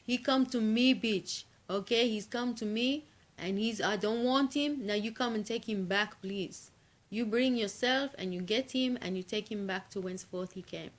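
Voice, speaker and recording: A woman voicing a haughty female cat queen who talks back in a loud, cheeky, defiant way. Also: mid-range voice, fairly even intonation, very slow. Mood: defiant shouting.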